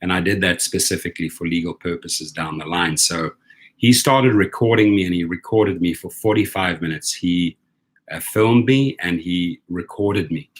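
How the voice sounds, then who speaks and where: A man's voice: low voice, moderate pace. A man telling viewers an indignant story about his treatment, often checking in with "right?". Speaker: rideshare driver and channel host. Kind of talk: casual storytelling rant to camera.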